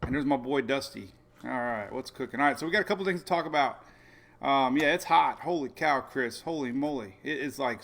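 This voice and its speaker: A middle-aged man hosting a casual weather livestream, rambling excitedly and laughing often. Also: medium pitch. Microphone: phone or webcam on a live video stream.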